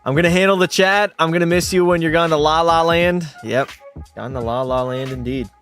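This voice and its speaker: A man's voice: fairly high pitch, brisk, fairly bright tone, soft background music. Tipsy, profane young streamer man. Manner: profane, argumentative, talks back to chat. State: tipsy from beer. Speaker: game streamer. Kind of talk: casual live-stream chat.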